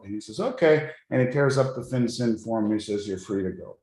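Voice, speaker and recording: A man who deals in precious metals, a guest in an interview, telling a long anecdote in an animated way. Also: fairly low pitch, fairly quick, hardly any pauses, roomy sound. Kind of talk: storytelling in an interview.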